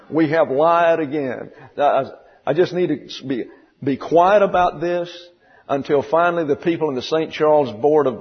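Husky-voiced preacher, folksy and wry. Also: male voice, fairly high pitch. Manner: folksy, digressive, dryly humorous. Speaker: pastor. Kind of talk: expository sermon. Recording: dull, distant, hall echo.

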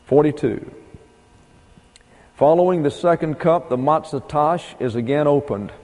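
A man's voice: a little high, measured pace, a little mellow. A man giving a folksy, digressive Bible lecture to a class, spelling out words and numbering his points. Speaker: Bible teacher. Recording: hall with long reverb.

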